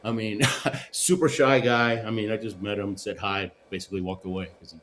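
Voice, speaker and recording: Animated man telling a story. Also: lowish voice, normal speed, a little hiss or hum. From Argentina and the United States. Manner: animated storyteller, many restarts and "right?" tags. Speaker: guest, former Olympic luge athlete. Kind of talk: casual storytelling interview.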